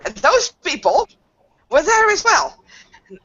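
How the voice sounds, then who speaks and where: A woman playing a tabletop role-playing game, talking in an excitable, indignant way. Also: extremely high pitch. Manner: excitable, indignant, fast shifts to hushed urgency. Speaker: player. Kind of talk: tabletop role-play, in and out of character. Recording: dull lo-fi sound.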